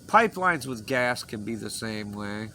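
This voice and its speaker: A man's voice: on the low side, expressive, a little slow, bright, forceful tone, slight background noise, poor audio. A man delivering an impassioned, rambling personal message to his viewers, earnest and emotional, pleading with them to listen. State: choked up. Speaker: vlogger.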